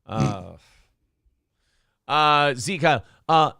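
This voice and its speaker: A man's voice: on the high side, lively intonation, drawn-out words, gravelly, bright, forceful tone, no room sound, clean studio sound. Laughing man riffing mock stand-up bits. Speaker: podcast host. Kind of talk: casual comedic chat.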